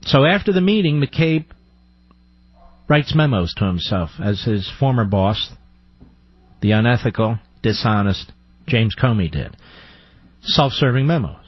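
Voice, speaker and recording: A man's voice: mid-range voice, very animated, unhurried, pauses often, slightly rough, no room sound, lo-fi sound. A male radio talk show host giving combative, sarcastic commentary, firing off rhetorical questions. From United States.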